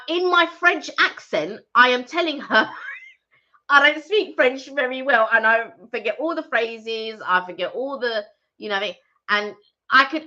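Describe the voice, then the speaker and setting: A woman's voice: on the high side, bright, forceful tone. A woman co-hosting a casual live stream, chatty and telling anecdotes with frequent restarts. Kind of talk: casual chat. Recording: dull lo-fi live stream audio.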